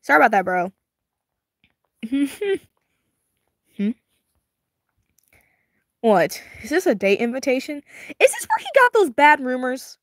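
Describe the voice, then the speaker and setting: A woman reacting to a webtoon as she reads it, excitable and giggly, chatting to her viewers in slang, her voice a little strained and tired. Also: sits high, unhurried, long pauses, dry recording, clean studio sound. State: strained, tiring voice. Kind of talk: casual reaction reading.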